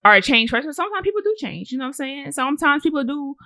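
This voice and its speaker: A woman's voice: high voice, racing, no room sound. A woman on a podcast, talking in a casual way and acting out the things that she and others said. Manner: animated storyteller, acts out quotes. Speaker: podcast guest. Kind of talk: casual conversation.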